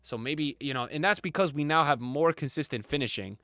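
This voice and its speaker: A young man giving casual, animated reaction commentary, reading chat messages aloud and laughing often as he reacts. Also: fairly high pitch, a little fast, no echo, studio quality. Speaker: gaming content creator.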